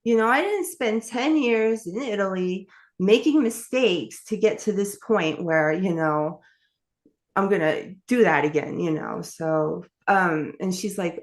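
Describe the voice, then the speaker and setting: Middle-aged woman rambling thru a story, lots of you-knows and restarts, even ordinary pitch. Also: unhurried. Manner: rambling, with many fillers and self-corrections. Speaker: interview guest. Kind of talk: casual storytelling chat.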